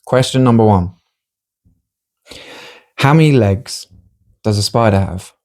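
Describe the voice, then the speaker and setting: A man hosting a casual podcast, running a joke quiz in a teasing, deadpan way. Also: on the low side, a little slow. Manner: teasing, deadpan quiz-master who breaks into laughter. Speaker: podcast host.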